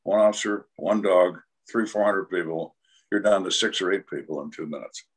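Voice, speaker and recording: Gravelly-toned older man telling blunt stories. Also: low voice, normal speed. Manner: blunt, dry, dramatic storytelling. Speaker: retired homicide detective, guest. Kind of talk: storytelling interview.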